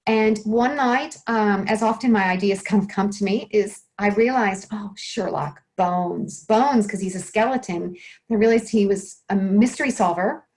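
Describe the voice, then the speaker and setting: A woman's voice: mid-range voice, moderate pace, darkish tone, poor audio. Woman, author and illustrator, chatty, self-deprecating, restarts often, casual interview.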